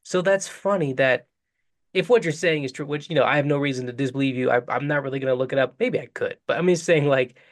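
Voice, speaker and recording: A man hosting a podcast in casual chat, animated and laughing, often stammering over restarts. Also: mid-range voice, fast. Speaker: podcast host.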